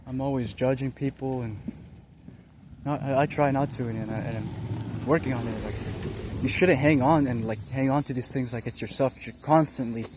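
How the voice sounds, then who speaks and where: A young man casually telling a spiritual experience, rambling and excitable, full of fillers and slang. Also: medium pitch, moderate pace, background noise. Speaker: vlogger.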